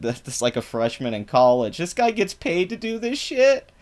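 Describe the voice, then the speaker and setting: With a sing-song delivery at a moderate pace and few pauses, a male political vlogger rants about online posts. He's mocking and profane, his pitch swinging loudly.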